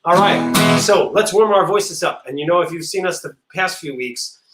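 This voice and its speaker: A man teaching a music class, playful and encouraging, leading silly vocal warm-ups and singing notes to demonstrate. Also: high voice, moderate pace, roomy sound, poor audio. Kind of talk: online music class for kids.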